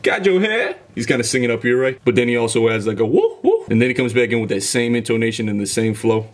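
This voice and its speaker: A man talks casually through a music reaction, eager about rap delivery. His voice stays in a middle register and barely moves in pitch. He breaks the song down as he goes. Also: little pitch movement, racing. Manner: enthusiastic, analytical about rap flow. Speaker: reaction video host.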